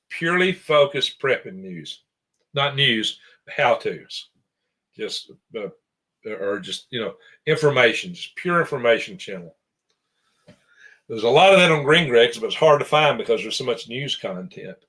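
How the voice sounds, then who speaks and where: An American man appears as a guest on a podcast, chatting casually about the channels he hosts. He rambles, corrects himself as he goes, and chuckles, in a mid-range voice with a sharp tone.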